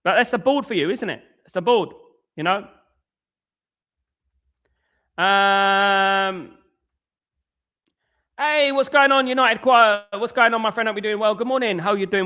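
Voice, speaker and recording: A man's voice: high-pitched, pushed and bright. A man hosting a live-stream football talk show, chatting in a repetitive, conversational way and greeting viewers from the chat by name. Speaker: football channel host.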